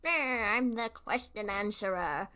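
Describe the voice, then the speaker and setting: A woman's voice: medium pitch, a little slow, pushed and bright. A woman voicing a grumpy, lawn-guarding male villain from a kids' cartoon, blustering and growling.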